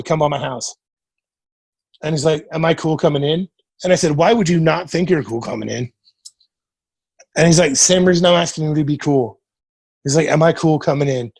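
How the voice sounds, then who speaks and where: Husky-voiced man telling wild stories. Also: a little high, brisk, a little mellow, no room sound. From Nebraska, USA. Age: 40s. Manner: profane, retells events by acting out quoted dialogue. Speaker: podcast guest. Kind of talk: casual storytelling.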